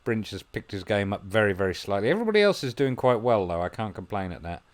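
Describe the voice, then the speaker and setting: Talking fast in a lowish voice, a gaming video host commentates on his football management gameplay. Quiet reflection on his tactics gives way to excitement whenever scoring chances come.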